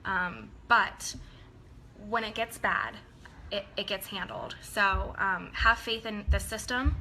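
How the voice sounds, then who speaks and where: Bright-voiced woman rambling to her team, lots of ums, faint hiss in the background. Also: medium pitch, fairly even intonation, takes it slowly, low-quality recording. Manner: earnest, rambling, many ums. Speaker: team leader addressing her downline. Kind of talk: casual talk to her team.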